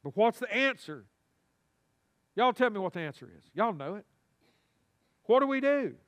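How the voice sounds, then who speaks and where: A male pastor delivers a sermon in a church sanctuary. His voice sits high for a man, and his delivery is animated and folksy, often calling on the congregation to respond. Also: normal speed.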